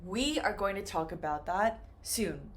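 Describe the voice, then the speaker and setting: Slow, lively woman teaching English. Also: mid-range voice. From United States. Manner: slow, clearly modeled example words. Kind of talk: classroom lesson on pronunciation.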